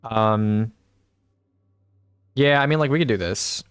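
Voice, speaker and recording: A young man streaming, casually thinking out loud as he ranks game gear and answers chat. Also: lowish voice, slow pace, clean tone, no echo, studio quality. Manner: rambling, thinks aloud, reads chat replies. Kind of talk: casual live-stream gaming commentary.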